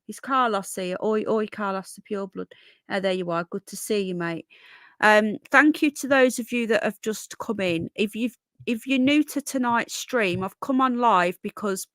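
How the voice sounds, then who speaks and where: A woman's voice: mid-range voice, fairly bright tone, dry recording, studio quality. A woman hosting a casual live stream, thinking aloud and greeting viewers by name.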